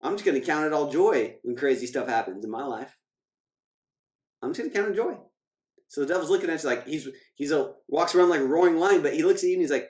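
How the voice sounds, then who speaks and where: A man, a financial coach, giving an emphatic motivational scripture talk, repeating key phrases and slowing down to read verses. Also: a little high, lively intonation, darkish tone. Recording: echoey room.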